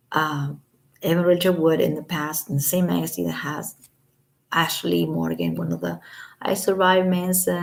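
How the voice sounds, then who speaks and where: Low gravelly woman, sarcastic vlogger. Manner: sarcastic, scoffing asides. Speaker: commentary vlogger. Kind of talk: casual commentary reading court statements aloud.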